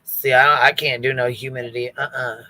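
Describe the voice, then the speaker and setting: Bright-voiced man, profane and animated. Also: mid-range voice, fairly quick, no room sound. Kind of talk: casual live chat.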